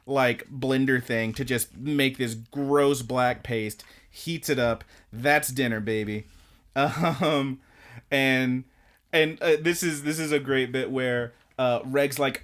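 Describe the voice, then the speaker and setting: Slow and medium in pitch, this man's voice recaps anime episodes on a podcast he co-hosts. His summary meanders casually, and he animates it by acting out what the characters say.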